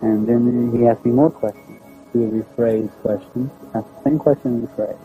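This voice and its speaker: A man telling a personal story in a plain, halting, conversational way. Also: mid-range voice, steady tone, narrow, tinny audio, faint music behind. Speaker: storyteller recounting a personal experience. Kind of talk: first-person spoken recollection.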